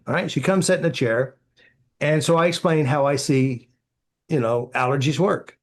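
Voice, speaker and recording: A man's voice: medium pitch, a little fast. A man, a therapy practitioner, answering interview questions with anecdotes, acting out quoted dialogue and filling with "you know".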